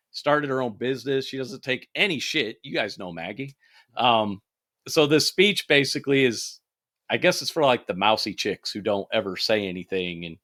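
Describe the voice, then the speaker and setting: A man in his thirties co-hosting a podcast, chatting casually and swearing freely while recommending a film. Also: mid-range voice. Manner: profane, animated movie recommending. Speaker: podcast co-host. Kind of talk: casual chat.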